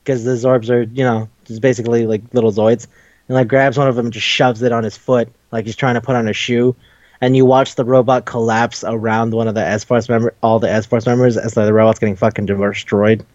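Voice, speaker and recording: A man's voice: medium pitch, steady tone, fairly quick, darkish tone, dry recording, highs cut off. A man casually retelling a cartoon episode, swearing, laughing and jumping into the characters' voices. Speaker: podcast host. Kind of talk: casual recap chat.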